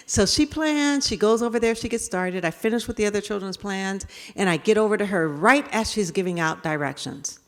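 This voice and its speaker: A woman speaker telling stories to an audience in an animated way, acting out scenes. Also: mid-range voice, a little fast, hardly any pauses. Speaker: keynote speaker. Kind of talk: storytelling talk to an audience. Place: event hall. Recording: reverberant hall.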